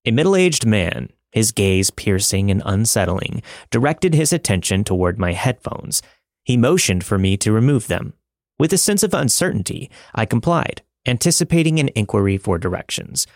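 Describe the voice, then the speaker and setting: A man narrating a listener's scary story in a dramatic, measured way, recorded close to a studio mic. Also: lowish voice, sing-song, dry recording. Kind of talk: scripted narration of listener stories.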